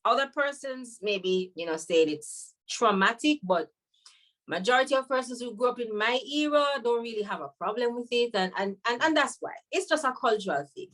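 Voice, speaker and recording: A woman with a Jamaican accent from Jamaica, a podcast guest talking in a lively way and laughing often. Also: on the high side, normal speed. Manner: animated, laughs often, slips into patois when quoting. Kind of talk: podcast conversation.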